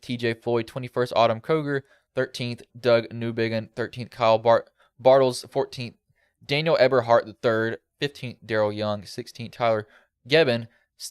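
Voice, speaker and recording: Male sim racing host, slight country lilt, relaxed rambling recap, crisp and dry on a headset. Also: medium pitch, no room sound. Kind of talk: post-race commentary.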